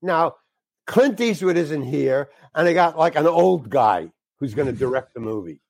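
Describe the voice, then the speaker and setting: An older man, a guest actor, telling a frank, animated story and acting out the dialogue in it. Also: fairly high pitch, normal speed, vocal fry, no room sound. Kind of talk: anecdotal storytelling.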